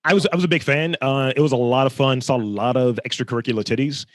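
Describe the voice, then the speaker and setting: A man's voice: medium pitch, quick pace, no room sound. Joking, loose-talking man, dry sound. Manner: loose, joking, profane storytelling. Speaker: podcast guest. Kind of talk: casual chat.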